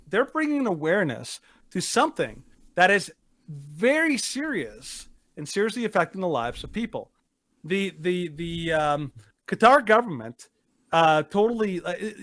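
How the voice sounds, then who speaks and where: Male podcast co-host, slightly high pitch, rambling and emphatic, dry booth sound. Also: a bit bright, no room sound. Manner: rambling, searches for words, emphatic. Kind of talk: casual opinionated chat.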